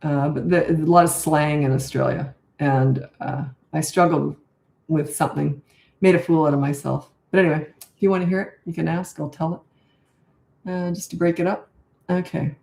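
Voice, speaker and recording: A woman's voice: low-pitched, steady tone, normal speed, gravelly, mellow. A Canadian woman in her sixties, a parenting coach who answers viewer questions and drifts into long laughing stories in easy, casual chat. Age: 60s. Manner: chatty, laughing storyteller who drifts off topic. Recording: roomy echo.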